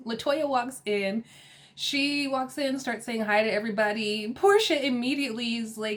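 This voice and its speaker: A woman with a somewhat high voice gives a casual recap of a reality show. She is sassy and animated, mixing slang with laughter. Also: a little slow. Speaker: TV episode reviewer.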